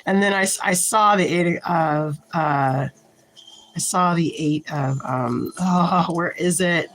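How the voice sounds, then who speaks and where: A woman's voice: lowish voice, low-quality recording. A woman giving a casual tarot reading to camera, thinking aloud as she shuffles and pulls cards, frank and a little irritated. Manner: slow, halting, thinks aloud while shuffling and pulling cards. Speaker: tarot reader.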